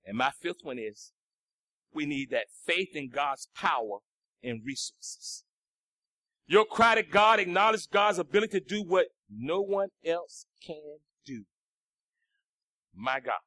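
A male pastor, preaching a sermon that swings between shouted lines and hushed, low passages. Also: lively intonation, slow pace, long pauses, dry recording, clean studio sound.

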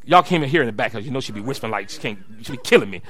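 A middle-aged man, a pastor preaching a sermon, telling stories and building to shouted exhortation. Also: mid-range voice, lively intonation, very fast. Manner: storytelling, rising to shouted preaching.

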